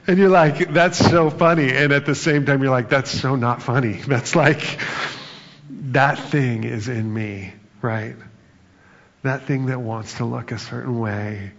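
A man's voice: mid-range voice, slow, creaky, long pauses. Man preaching, conversational and playful, long hall reverb, slightly dull sound. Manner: conversational, acts out quoted lines with bursts of humor. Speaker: pastor. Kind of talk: sermon.

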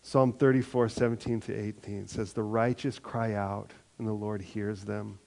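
A male pastor giving a conversational sermon, reading scripture and acting out little prayers and replies with animated asides. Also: fairly low pitch, moderate pace, vocal fry.

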